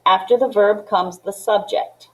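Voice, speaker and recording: A woman's voice: mid-range voice, steady tone, measured pace, poor audio. A woman teaching a Spanish lesson, explaining step by step and often checking in with "okay?" and "right?". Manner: mixes English with Spanish phrases. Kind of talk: classroom lesson walkthrough.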